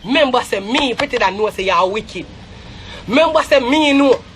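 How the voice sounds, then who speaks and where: A woman's voice: fairly high pitch, expressive, a little hiss or hum. A Jamaican woman giving heated, scornful gossip commentary on a live stream. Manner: scornful, rapid, repetitive.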